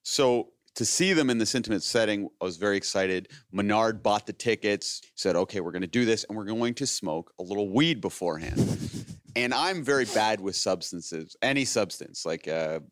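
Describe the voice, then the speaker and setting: A man's voice: lowish voice, moderate pace, no echo, clean studio sound. A man in his late thirties, a podcast host, telling a long story in casual chat, laughing often and acting out the voices of the people in it. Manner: rambling, laughing, acts out quoted voices.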